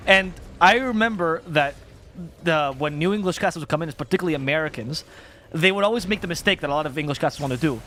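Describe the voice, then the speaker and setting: Fast-talking animated male caster. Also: fairly high pitch, a little hiss or hum. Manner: fast, animated storytelling, swears and laughs often. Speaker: esports caster. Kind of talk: casual panel chat.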